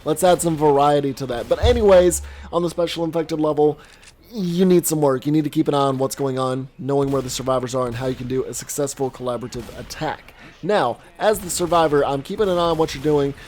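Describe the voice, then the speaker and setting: A man coaching a player over gameplay footage in casual commentary, animated with quick reactions and a voice strained from talking. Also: a little high. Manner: animated, quick reactions, self-deprecating asides. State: voice strained from long recording.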